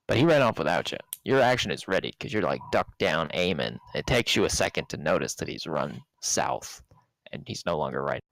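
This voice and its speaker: A man's voice: on the low side, gravelly, no room sound. A man running a tabletop game as game master, narrating loosely with many restarts. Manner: loose, halting, lots of fillers and restarts.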